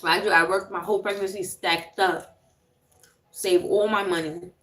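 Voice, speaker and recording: A woman's voice: mid-range voice, fairly even intonation, moderate pace, a bit bright. Chatty woman in her thirties, roomy echo. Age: 30s. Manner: chatty, laughs often, reads viewer names aloud. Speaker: livestream host. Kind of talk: casual live chat with viewers.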